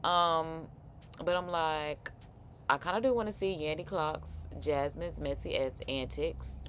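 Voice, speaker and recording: Chatty expressive woman, low voice. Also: unhurried, slight background noise. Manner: chatty and expressive, slang-heavy, frequent laughs. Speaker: livestream reaction host. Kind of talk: casual reaction chat.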